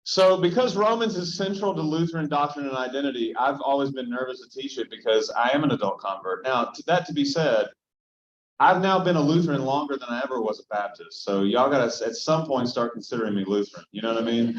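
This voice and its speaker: A man's voice: mid-range voice, animated, quick pace, crowd noise. A male pastor teaching a casual Bible study, talking conversationally and often checking in with his listeners. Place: church hall. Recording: roomy, dull lo-fi room sound.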